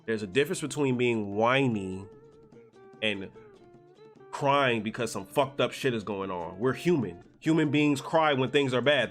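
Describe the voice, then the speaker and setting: A young man giving a profane, exasperated commentary rant, swinging from slow mutters to shouting. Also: mid-range voice. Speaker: anime commentator. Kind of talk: ranting video commentary.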